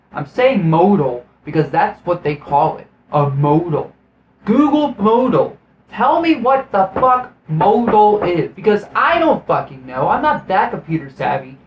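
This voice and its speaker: A man's voice: on the high side, reverberant, lo-fi sound, a little hiss or hum. A man giving a casual film review in a profane, sarcastic, exasperated rant. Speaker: movie reviewer.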